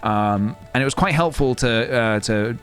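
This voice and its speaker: A man streaming a game and chatting casually, rambling with many pauses and restarts. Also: mid-range voice, a bit bright. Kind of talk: casual gameplay stream chat. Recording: game music playing behind.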